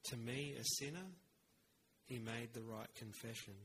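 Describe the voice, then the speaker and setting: A man preaching a sermon in an earnest, measured way, with rhetorical pauses. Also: medium pitch, fairly bright tone, a little hiss or hum, poor audio.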